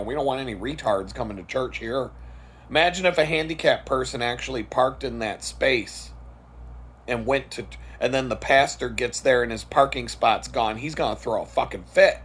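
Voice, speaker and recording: A man's voice: mid-range voice, normal speed, a bit bright, slightly rough. A man vlogging, telling a story in a blunt, profane, casual way and laughing at it.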